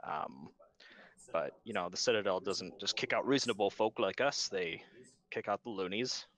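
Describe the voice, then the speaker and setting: A man voicing a weary, wistful male dwarf exile in a tabletop game, rambling and hesitant with many pauses. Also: fairly low pitch, fairly bright tone, lightly acted. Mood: explaining.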